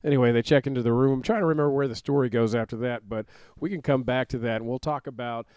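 A man's voice: mid-range voice, quick pace, clean tone, dry recording. A man casually recapping a movie plot on a podcast, acting out the characters' lines as he goes. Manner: animated storytelling, acts out quoted lines. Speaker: podcast co-host.

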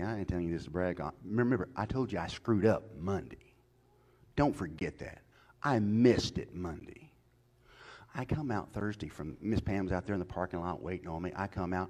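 Man, pastor, folksy sermon, lowish voice, loud to whispered. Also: expressive, a little fast. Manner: folksy, swings from shouted to whispered.

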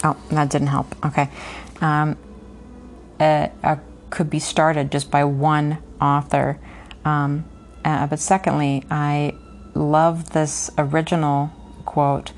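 A woman with a low, level voice reads a novel aloud at a slow pace, recorded on an app with slight background noise. As a podcast reader and commentator, she keeps breaking off for chatty asides packed with fillers.

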